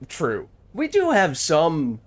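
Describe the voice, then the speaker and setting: A man's voice: a little high, huge pitch swings, very slow. Chatty man streaming a game. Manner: chatty, thinks aloud, laughs often. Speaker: gaming streamer. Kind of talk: casual gameplay chat.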